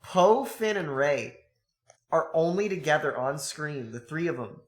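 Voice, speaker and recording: A man's voice: a little high, lively intonation, measured pace. A man co-hosting a podcast, explaining his points at length in casual chat, swearing casually. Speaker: podcast co-host. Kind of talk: casual movie-review chat.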